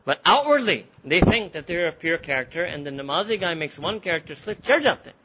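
Male Quran teacher, rapid, animated and laughing, high and bright voice, lo-fi lecture recording. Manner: animated, laughs often, switches between English and Urdu. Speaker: religious teacher.

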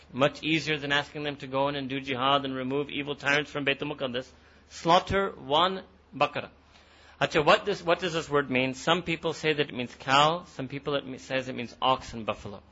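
A man's voice: medium pitch, sharp tone, lo-fi sound. A man teaching a Quran lesson, retelling a story and repeating phrases for emphasis, with Arabic and Urdu words mixed in. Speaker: Islamic teacher.

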